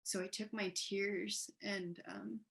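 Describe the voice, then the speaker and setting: A woman artist speaking on a video call panel, soft and halting, with many pauses and fillers, growing emotional as she talks. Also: mid-range voice, level tone, vocal fry, low-quality recording. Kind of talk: casual panel talk. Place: downtown apartment with street noise.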